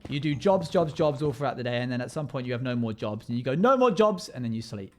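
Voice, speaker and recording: Male live streamer, casual and joking, mid pitch, loud comic outbursts. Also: quick pace. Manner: jokey, chatty, bursts into loud playful yells. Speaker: game streamer. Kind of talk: casual live-stream chat while gaming.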